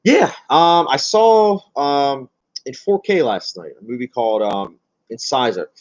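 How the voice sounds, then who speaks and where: A young man with a mid-range voice that swings widely in pitch speaks a little slowly, the recording's highs cut off. Answering viewer questions on a casual livestream, he rambles chattily with many fillers, laughs a lot, and seems nervous, calling himself anxious.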